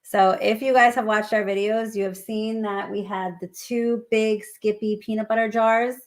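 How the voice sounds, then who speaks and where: A woman's voice: medium pitch, steady tone, moderate pace. A woman co-hosting a casual live stream, chatting and reading out lists of viewer guesses. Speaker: livestream co-host.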